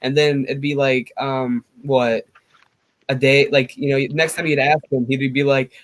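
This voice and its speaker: A man's voice: medium pitch, little pitch movement, a little slow, no echo. A man in a casual podcast chat, telling a story in a rambling way, full of "like.".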